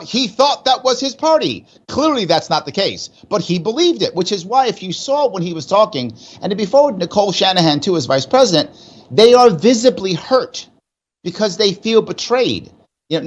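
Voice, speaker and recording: Political guest, male, New York accent, animated and pushy, slightly high voice. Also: breathy edge, dull audio. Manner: emphatic, rhetorical questions. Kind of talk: political interview on radio.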